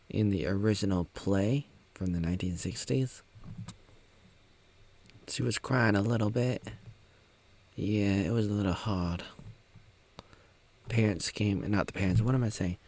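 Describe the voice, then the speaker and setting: A man's voice: fairly low pitch, a little mellow. A man in his thirties from the United States, rambling and joking as he comments on a film, sometimes mimicking its characters or humming little tunes. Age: 30s. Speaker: video maker.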